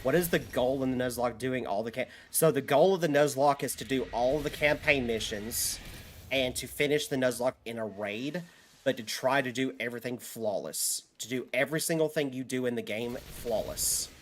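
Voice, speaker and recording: A man's voice: mid-range voice, moderate pace, slight background noise. A man streaming a video game, chatting loosely with his viewers and swearing freely as he plays. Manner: loose and rambling, swears freely, talks back to chat. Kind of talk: casual live-stream chat while gaming.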